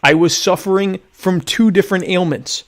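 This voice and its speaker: On a casual live-streamed talk show, a young male host reads questions from viewers and fires back with sardonic, faux-pompous jokes. His voice sits high and his speed is normal.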